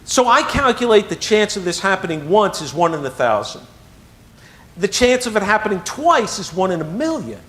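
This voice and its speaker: A man telling a personal story to an audience, swinging between hushed moments and excited ones. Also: high voice. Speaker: motivational speaker.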